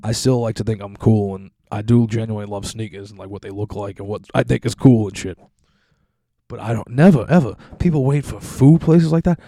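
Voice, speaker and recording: A young man rants on his podcast, cursing freely and laughing at his own complaints. His voice sits fairly low and mellow, and the recording is dry and close. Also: brisk, no room sound. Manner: profane, rambling, laughing complaints. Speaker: podcast host. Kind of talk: casual profane podcast rant.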